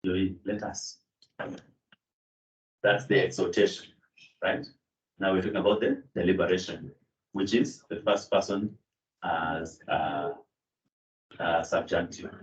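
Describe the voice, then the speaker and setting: Male lecturer, low voice, explanatory classroom delivery; distant, muffled mic. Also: steady tone, unhurried, pauses often. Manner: explanatory, with fillers and self-corrections. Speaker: Greek lecturer. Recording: echoey room, distant mic, dull sound.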